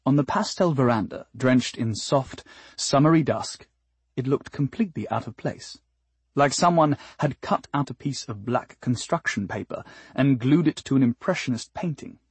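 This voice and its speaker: A man narrating an audiobook in a husky tone. He delivers the story with wry, dry comic timing. The recording is close and dead, with no room sound. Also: mid-range voice, lively intonation, moderate pace, no room sound. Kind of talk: expressive scripted narration.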